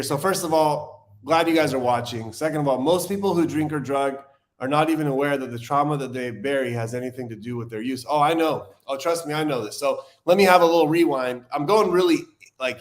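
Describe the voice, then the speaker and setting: Earnest man hosting a live stream. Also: a little high. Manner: earnest and animated, reads viewer comments aloud. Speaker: host of a recovery live stream. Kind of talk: casual live-stream talk.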